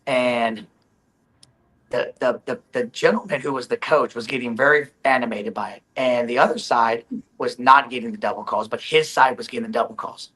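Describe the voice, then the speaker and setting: Man, bright voice, rambling repetitive storyteller, slightly hoarse. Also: mid-range voice, normal speed, rough recording. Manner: repeats himself, restarts often. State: voice recovering from hoarseness. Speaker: volleyball guest. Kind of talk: casual chat.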